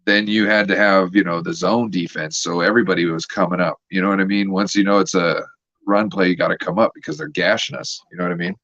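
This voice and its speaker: A man joining a sports chat as a guest, telling an animated story as a frustrated fan. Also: low voice, quick pace, no echo, dull audio. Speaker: guest co-host.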